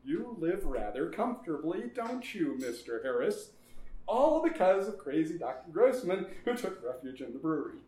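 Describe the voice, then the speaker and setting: A man's voice: on the high side, big pitch swings, dark tone. Man doing a cackling mad doctor. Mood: triumphant. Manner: slow, gloating, with mad laughter. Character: scheming male mad scientist, cackling, older. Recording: echoey room.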